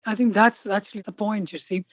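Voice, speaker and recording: A woman hosting an interview podcast who speaks in a measured, deliberate way and sums up her guest's points. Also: mid-range voice, steady tone, no room sound, dull audio. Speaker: podcast host.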